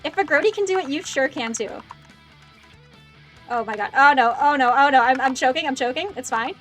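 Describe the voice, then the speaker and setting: A woman in her twenties chatting excitedly on a gaming livestream, making self-deprecating asides into a close desk microphone. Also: high-pitched, a little fast, faint music behind. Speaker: streamer. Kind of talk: casual gaming livestream chat.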